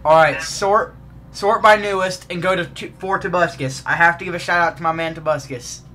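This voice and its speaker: A young man casually chatting while playing a game with a friend, excitable and prone to yelps and shouts. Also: high voice, normal speed, slight background noise. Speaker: gamer co-host. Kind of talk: casual gameplay chat.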